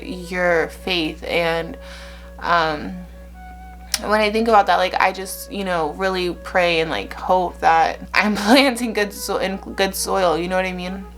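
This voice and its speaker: A woman's voice: on the low side, fairly even intonation, takes it slowly, fairly bright tone, soft background music. A woman hosting a casual Bible-reading vlog, chatty and slangy, laughing often between words.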